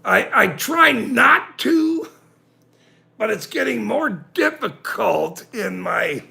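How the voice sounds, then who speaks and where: A man's voice: very high voice, very animated, takes it slowly, vocal fry, pushed and bright. A middle-aged man hosting a livestream, ranting sarcastically and swearing freely as he talks to his chat. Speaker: livestream host.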